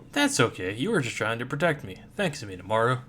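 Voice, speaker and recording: A man's voice: medium pitch, moderate pace, slight background noise. A man voicing an easygoing, cheerful teenage boy shaman. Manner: easygoing, relaxed, upbeat.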